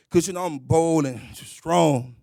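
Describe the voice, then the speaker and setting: A man's voice: on the high side, slow, creaky, warm tone, no room sound, studio quality. A middle-aged man preaching a sermon, emphatic and sing-song, calling out exclamations.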